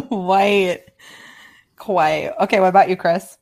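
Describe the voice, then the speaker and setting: A woman co-hosting a comedy podcast, quick to laugh and steering the banter. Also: lowish voice, fairly even intonation, vocal fry, a little mellow. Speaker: podcast co-host.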